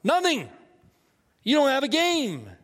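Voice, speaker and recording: A middle-aged male pastor preaching a sermon with animated delivery, laughing asides and repeated words. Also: very high voice, unhurried, in a large hall.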